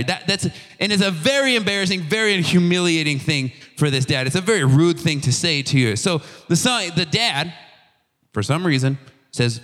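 A young man preaches to a youth group in a chatty, animated way, full of slang and quick restarts. His voice sits a little high for a man. The sound rings with a long reverb, as in a church hall. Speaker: youth pastor. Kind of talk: casual youth sermon.

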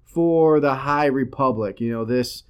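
Man, podcast host, smooth voice, easygoing chatter. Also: medium pitch, unhurried. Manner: easygoing, laughs often. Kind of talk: casual podcast chat.

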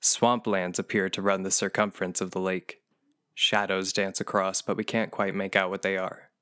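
A man reading a measured, descriptive mock public-radio narration in an audio comedy. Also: deep voice, level tone, pushed and bright, dry recording, clean studio sound. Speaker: comedy podcast cast member.

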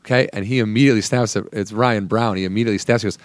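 A man's voice: lowish voice, fairly even intonation, very fast, no echo, studio quality. A man on a casual podcast telling a long, rambling story full of fillers and laughs.

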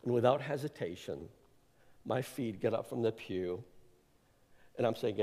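A middle-aged man from Iraq preaching a sermon testimony, impassioned and building to shouts at its peaks. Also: mid-range voice, unhurried, long pauses. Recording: long hall reverb.

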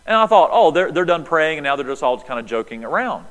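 A middle-aged man, preaching a sermon and telling a story, moving between loud bursts and hushed passages. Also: on the high side, fast. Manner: animated, swings from loud to hushed. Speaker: pastor. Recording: long hall reverb.

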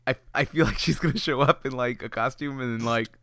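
A man's voice: mid-range voice, fairly bright tone, dry recording, studio quality. A young man co-hosting a podcast in easygoing casual chat, often chuckling. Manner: easygoing, chuckling, drawn-out phrasing. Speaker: podcast co-host.

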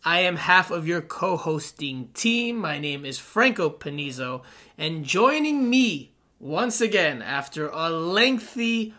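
Bright-voiced male soccer podcast host. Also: on the high side, sing-song, takes it slowly. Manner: upbeat, jokey, laughs often. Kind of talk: casual sports podcast chat.

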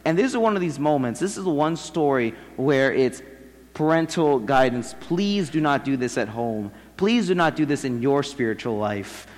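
A man's voice: mid-range voice, expressive, normal speed. A young man giving a casual, slangy sermon and acting out the quoted voices as he retells a story. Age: young adult. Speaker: seminary student preaching. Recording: long hall reverb.

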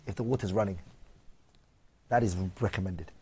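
A man's voice: on the low side, moderate pace, dark tone, husky. A man giving a religious lesson, taking points one by one, reading them out and explaining them, often asking his listeners questions. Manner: switches between English and Arabic readings. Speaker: Islamic teacher.

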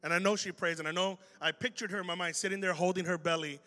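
A male pastor telling a story in a sermon, lively and animated, acting out the voices of the people in it. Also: sits high, quick pace. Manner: animated, acts out dialogue in the story. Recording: long hall reverb with faint music.

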